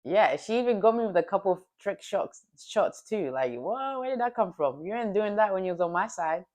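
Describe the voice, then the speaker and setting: A playful woman hosts a live stream, teasing and laughing as she chats. Her pitch bounces up and down as she talks. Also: expressive, brisk, a little mellow. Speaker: livestream host. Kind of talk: casual chat.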